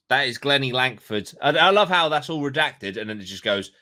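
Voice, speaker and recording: A man with a bright, forceful voice, recorded dry and close. He hosts a casual podcast, reading from his notes and breaking off into swearing, joking asides. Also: medium pitch, lively intonation, moderate pace, no echo. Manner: reads aloud with swearing, jokey asides. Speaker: podcast host.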